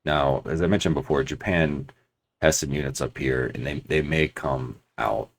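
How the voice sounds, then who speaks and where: A let's play commentator with a very deep, creaky voice talks through his strategy game at length as he plays. He keeps a steady tone and moderate pace, thinking aloud, restarting, and hedging as he plans.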